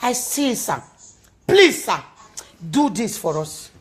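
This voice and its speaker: A woman's voice: on the high side, big pitch swings, slow pace. A woman with a Nigerian accent making an emotional, pleading appeal, repeating her entreaties and now and then slipping into a sung chant.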